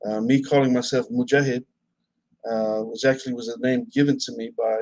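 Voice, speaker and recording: Male preacher, mid-range voice, measured and earnest, dry close recording. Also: mid-range voice, level tone, darkish tone, dry recording, low-quality recording. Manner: measured, earnest, with many restarts. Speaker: Muslim preacher. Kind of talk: casual conversation.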